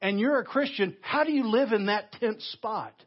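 Pastor, man, Southern US accent, husky and a bit high, emphatic sermon delivery, dull lo-fi church recording. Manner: emphatic preaching, swinging between loud stresses and hushed, slow phrases. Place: church sanctuary.

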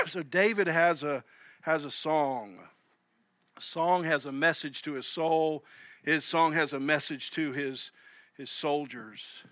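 Male pastor, Southern US accent, animated sermon delivery, bright tone, close and dry. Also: on the high side, slow, dry recording. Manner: animated preaching, swings from loud to hushed.

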